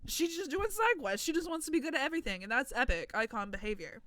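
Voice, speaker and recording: Bright, chatty young woman rambling. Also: sits high, animated, quick pace, dry recording. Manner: chatty, profane and playful; rambling, self-deprecating asides. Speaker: content creator. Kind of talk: casual chat about game characters.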